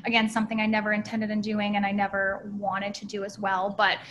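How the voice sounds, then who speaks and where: A young woman from the United States telling a personal faith story as a podcast guest, halting with many restarts and fillers. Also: mid-range voice, monotone, background noise.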